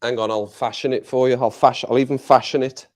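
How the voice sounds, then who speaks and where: A man's voice: medium pitch, fairly even intonation, a little fast, darkish tone. An English man hosting a casual live chat with viewers from his home desk, jokey and rambling, laughing often, on a clip-on mic. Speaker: livestream host.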